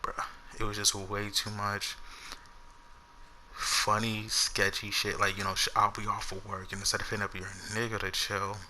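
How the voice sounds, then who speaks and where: A man's voice: fairly low pitch, monotone, moderate pace, bright, forceful tone, a little hiss or hum, poor audio. A young man and YouTuber telling an unscripted story to his viewers in a loose, slangy, rambling way. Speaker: gaming YouTuber.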